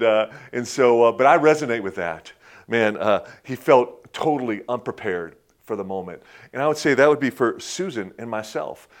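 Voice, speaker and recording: A man in his fifties preaching a conversational sermon, telling personal stories in a folksy way with many restarts and chuckles. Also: medium pitch. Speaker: pastor.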